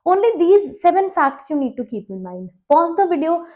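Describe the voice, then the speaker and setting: A woman's voice: extremely high pitch, big pitch swings, dark tone. A woman with an Indian English accent, teaching an exam-prep literature lesson at a board, who asks questions, answers them herself and repeats key facts. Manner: quizzing, repeats key facts, slows to stress terms.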